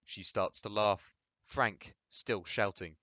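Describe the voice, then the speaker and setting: A man's voice: on the low side, takes it slowly, pushed and bright, no room sound. A man reading a play aloud, delivering the stage directions plainly and steadily. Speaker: reader.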